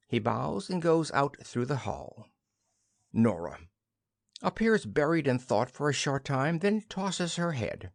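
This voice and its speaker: Man, audiobook narrator, lively pitch, dry close sound. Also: takes it slowly, creaky, no echo. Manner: reads stage directions evenly. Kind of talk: scripted play reading.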